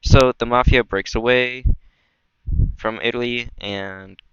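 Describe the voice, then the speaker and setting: A man's voice: fairly even intonation, slow, a bit bright, smooth, no echo. A young man casually narrating a map war scenario, rambling with many fillers and self-corrections. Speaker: mapping video creator. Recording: dull low-quality mic, dry.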